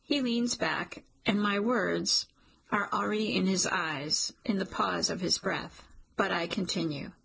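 A woman's voice: medium pitch, unhurried, gravelly, fairly bright tone, husky, poor audio. A woman narrating a romance audiobook in first person, intimate and emotional.

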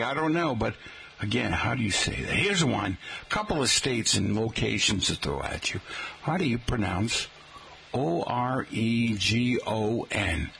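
A man's voice: fairly low pitch, expressive, measured pace, gravelly, fairly bright tone, breathy edge, poor audio. A man, a teacher giving a folksy talk-radio style lesson on regional pronunciation, spelling words out letter by letter and calling his listeners folks. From Boston area, Massachusetts.

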